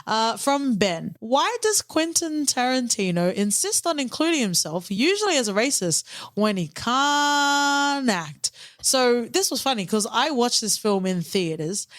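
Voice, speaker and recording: Candid, animated woman podcast co-host. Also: a little high, measured pace, dry recording, clean studio sound. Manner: candid, animated, swears casually. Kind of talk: casual chat.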